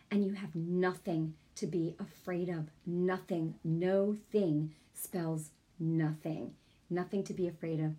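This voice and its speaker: A woman's voice: lowish voice, dark tone. A woman hosting a live-streamed devotional talk. She speaks in a fervent, earnest way and chats back to her viewers. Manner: fervent and earnest, repeats "I'm telling you"; chatty, answers viewer comments aloud. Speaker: online ministry host.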